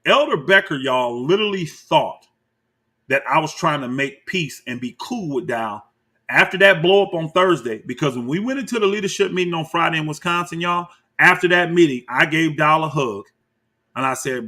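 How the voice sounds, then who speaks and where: A man's voice: fairly high pitch, normal speed. A man giving heated, combative commentary, calling out people by name and talking straight to his viewers. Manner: animated and combative, addresses viewers as y'all. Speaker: commentator reacting to clips.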